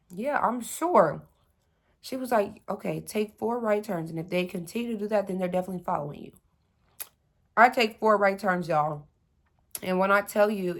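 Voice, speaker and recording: A young woman in her twenties telling a personal story to her viewers in a casual, animated way, calling them y'all and acting out what people said. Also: medium pitch. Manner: animated, addresses viewers as y'all, acts out dialogue. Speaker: storytime vlogger.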